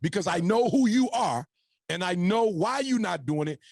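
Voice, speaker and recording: A man's voice: high-pitched, lively intonation, normal speed, gravelly, a little mellow, no room sound. A man and podcast guest telling his life story in a punchy, preacher-like motivational style, speaking to the audience as y'all.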